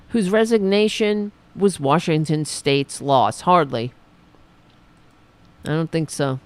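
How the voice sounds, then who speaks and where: Raspy woman host ranting about the news, sarcastic and swearing, slow drawl. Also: fairly low pitch. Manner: sarcastic, profane, reads news then riffs. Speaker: political commentary host. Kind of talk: ranting political commentary.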